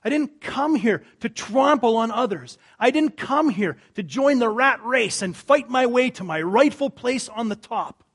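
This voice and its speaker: A man voicing an earnest male teacher firmly correcting his followers, in a raised, emphatic, husky voice. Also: extremely high pitch, lively intonation, unhurried, hardly any pauses, pitched above the performer's own voice, exaggerated voice. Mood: urgent. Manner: urgent, emphatic, lecturing.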